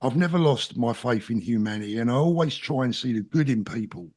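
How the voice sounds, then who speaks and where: A man's voice: mid-range voice, expressive, fairly quick, a little mellow. A middle-aged man with a South London accent, a guest talking in an interview in an earnest, plain-spoken and emphatic way. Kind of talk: casual interview talk.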